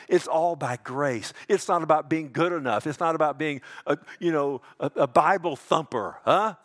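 A man preaching a sermon, calling his listeners "loved one", dropping to hushed tones and rising to loud emphatic peaks, with frequent restarts. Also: normal speed, hardly any pauses. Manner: swings between hushed lows and loud emphatic highs; addresses listeners as "loved one", asks "amen?". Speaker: pastor.

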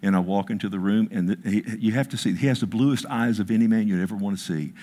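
A man preaching a sermon, telling stories with emphasis, his voice dropping hushed and then rising, with frequent asides like "listen" and "I mean.". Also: fairly low pitch, fast talker. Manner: storytelling, emphatic, swings between hushed and raised; repeats "listen" and "I mean" as fillers. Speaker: pastor.

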